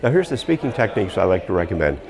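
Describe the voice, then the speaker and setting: A man giving practical tips on writing and speaking as a communication coach, emphatic and firm, dropping his pitch on endings. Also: very animated, very fast, gravelly, crowd noise. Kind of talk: instructional talk.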